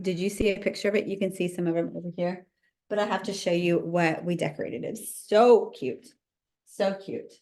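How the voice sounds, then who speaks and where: A middle-aged woman, chatting bubbly and casual as she hosts a livestream cookie decorating lesson and greets viewers by name. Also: medium pitch. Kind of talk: livestream tutorial chat.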